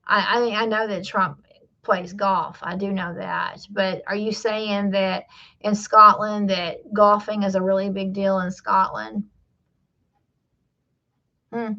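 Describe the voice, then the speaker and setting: A woman's voice: mid-range voice, little pitch movement, takes it slowly, pushed and bright, lo-fi sound. A woman in her forties from the American South, with a Southern drawl, chatting casually and rambling on a livestream. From Southern United States. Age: 40s. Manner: rambling, many fillers and restarts. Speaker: livestream host. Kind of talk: casual live-stream chat.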